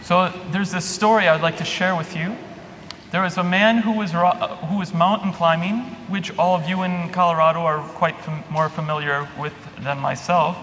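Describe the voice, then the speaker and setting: A man's voice: fairly high pitch, fairly even intonation, normal speed, fairly bright tone. A man giving a sermon as a priest, telling a story in a conversational way with restarts and fillers. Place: church. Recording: long reverb, faint hum.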